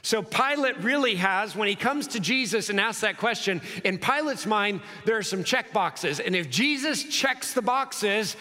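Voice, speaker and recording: A man preaching an expository sermon in a bright, high voice. He acts out the scenes in quick dialogue, then drops low and slow to press a point. His words ring out with a long hall reverb. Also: animated. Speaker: pastor.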